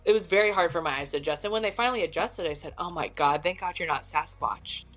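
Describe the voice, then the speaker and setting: A middle-aged woman with a Midwestern American accent, a podcast guest telling a story in an animated, chatty way. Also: lowish voice, quick pace, faint music behind. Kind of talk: casual storytelling.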